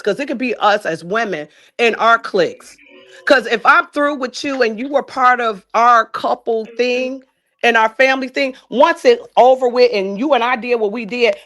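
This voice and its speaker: A woman talking on a live stream about reality TV, pressing each point with emphatic repetition. Her voice sits a little high, and she lays out her views slowly and deliberately. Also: fairly bright tone. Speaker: guest commentator.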